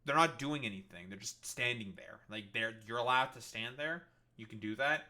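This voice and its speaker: A man's voice: medium pitch, moderate pace, sharp tone. A man giving sarcastic, swearing commentary while reacting to a news video, full of fillers and restarts. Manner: heavy swearing, sarcastic and scornful; filler-heavy, restarts often. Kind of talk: ranting stream commentary.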